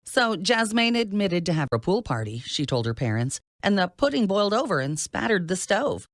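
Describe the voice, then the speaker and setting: An audiobook narrator reads a novel with a lively, swinging pitch. The voice sits close to the mic in a dry, dead room, with no echo at all. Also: normal speed. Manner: expressive reading with lively pitch. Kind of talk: scripted narration.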